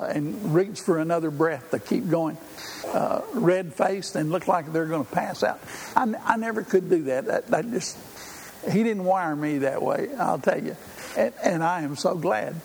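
An older man delivers a sermon in a folksy, conversational style, using frequent fillers. His voice is a little high, gravelly, and a little mellow. The recording has hall reverb and faint room noise.

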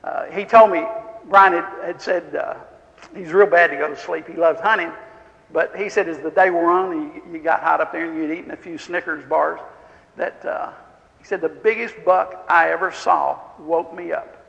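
A man preaching a sermon, telling a story quietly and then building to fervent, emphatic appeals. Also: on the high side, fairly even intonation, normal speed, vocal fry, long reverb tail, lo-fi sound.

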